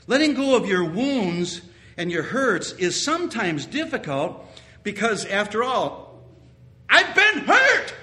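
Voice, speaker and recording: A man preaching a sermon as pastor, earnest, repeating key phrases and sometimes rising to loud exclamations. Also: high voice, big pitch swings, a little slow.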